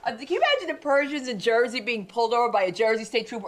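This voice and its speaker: A woman co-hosting a comedic chat show, ranting in an animated, joking way. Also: a little high. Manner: animated, ranting, quick laughs. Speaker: co-host.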